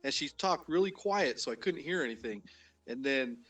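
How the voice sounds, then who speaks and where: A married man from Utah telling a casual, animated story, jumping much higher in pitch when he quotes someone. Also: normal speed, distant mic. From Utah, USA.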